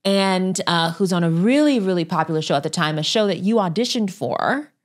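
A woman's voice: on the low side, animated, a little fast. A woman hosting a podcast interview, eagerly recapping her guest's story and prompting her for more. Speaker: podcast host. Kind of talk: conversational interview.

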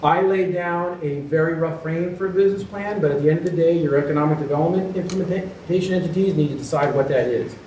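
A man's voice: fairly high pitch, fast talker, few pauses, a little mellow, a little hiss or hum. A man, a consultant, giving a presentation to community leaders, plainspoken and emphatic, repeating key words for stress. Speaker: economic development consultant. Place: meeting room. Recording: echoey meeting room from far off.

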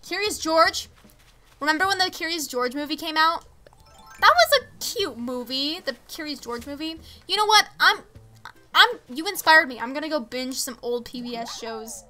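Teen girl streamer, high and bright voice, chatty and excitable while chatting with her viewers. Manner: chatty, excitable, reads chat aloud. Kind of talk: casual game stream chat.

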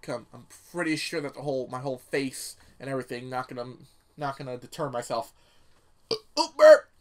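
A teenage man giving casual, rambling let's-play commentary, excitable and quick to swear. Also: medium pitch. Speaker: gameplay commentator. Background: game music.

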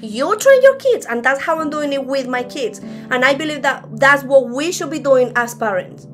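High-voiced woman preaching. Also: normal speed, fairly bright tone, soft background music. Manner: conversational with frequent restarts. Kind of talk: sermon. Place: church service.

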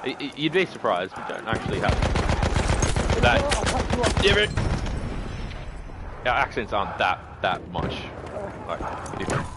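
An Australian man streaming a shooter game in casual commentary, excitable and swearing often as he chats with viewers. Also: fairly low pitch, normal speed, long pauses, heavy background noise. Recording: loud gunfire over the voice. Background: loud game gunfire and explosions.

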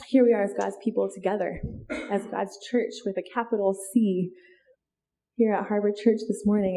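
Woman pastor preaching, higher mellow voice, emphatic and earnest. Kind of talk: sermon. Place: church sanctuary.

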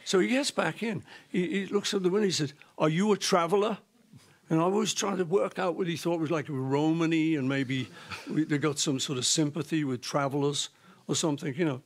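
A man, a guest in an interview, telling a story in a lively way, laughing and acting out the voices of the people in it. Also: fairly high pitch, brisk. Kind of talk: casual anecdote telling.

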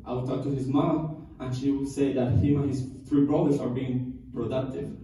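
A man's voice: medium pitch, a little hiss or hum. Man telling jokes in an echoey room. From Cuba. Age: young adult. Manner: deadpan storytelling with quick punchlines, laughs at own jokes. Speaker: student comedian. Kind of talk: stand-up comedy routine. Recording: echoey room from far off, faint ambience.

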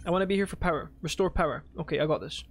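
An excitable man talking through a horror game as he plays. He swears freely and jumps from low muttering to sudden loud shouts. The tone is casual, like commentary for his viewers. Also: racing, faint music behind. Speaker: gaming host. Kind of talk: casual let's-play commentary.

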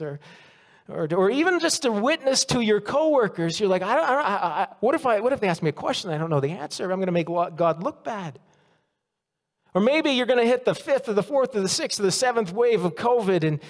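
A man preaching a sermon in a church, telling a story and acting out the quotes with lively swings. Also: high voice. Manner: storytelling, animated, acts out quotes. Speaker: pastor. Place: church sanctuary. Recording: long reverb of a church hall.

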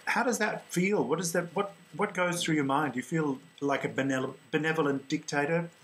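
A man's voice: on the high side, a little fast, a bit bright, slight background noise, rough recording. Hesitant man asking long questions. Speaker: interviewer. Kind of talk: audience or host question.

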